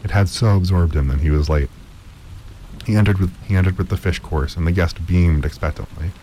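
Male story narrator, very low and mellow, steady read-aloud delivery. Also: a little hiss or hum, rough recording. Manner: measured, with occasional stumbles and repeats.

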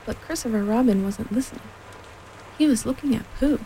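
A woman narrating a storybook aloud in a gentle, measured way. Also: fairly high pitch, slight background noise, rough recording. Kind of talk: storybook reading.

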